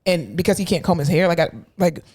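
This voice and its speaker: A woman in her thirties, a physical therapist co-hosting a podcast, chatting casually and acting out people in her stories with big leaps in her voice. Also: quick pace. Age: 30s. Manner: animated storyteller, acts out quoted people with big pitch jumps. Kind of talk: casual chat.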